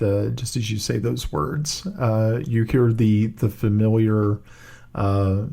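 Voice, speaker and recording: A man running a tabletop game as dungeon master, narrating slowly with many pauses and fillers. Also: fairly low pitch, creaky, mellow.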